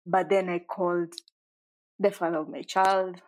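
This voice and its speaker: Her voice sits on the low side with fairly even intonation and a slightly slow delivery as this thirty-something podcast guest talks frankly about her life, filling her speech with fillers. Guitar music runs beneath the rough recording.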